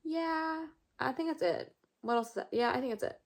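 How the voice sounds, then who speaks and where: A woman's voice: high voice, creaky. A teenage girl vlogging in a casual, rambling, self-mocking monologue full of filler words. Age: teens.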